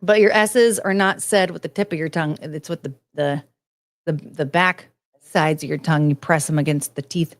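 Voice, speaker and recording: A woman's voice: low voice, fairly even intonation, moderate pace. A woman hosting a casual livestream, chatty and self-mocking as she answers her chat. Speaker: livestream host.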